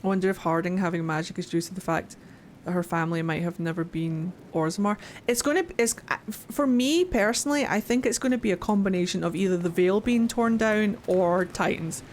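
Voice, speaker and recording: A woman's voice: lowish voice, fairly quick, a little hiss or hum. A chatty young woman streamer swearing gleefully. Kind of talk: let's play commentary.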